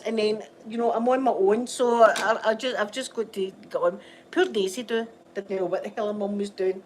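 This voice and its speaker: A Scottish woman rambles through homely stories in a relaxed vlog chat, often breaking into laughter. Her voice sits at a middling pitch, with a faint ambient hum in the background. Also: normal speed, hardly any pauses, rough recording. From Scotland. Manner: chatty, storytelling, laughs often. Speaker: vlogger. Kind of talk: casual rambling chat to viewers. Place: at home by a window.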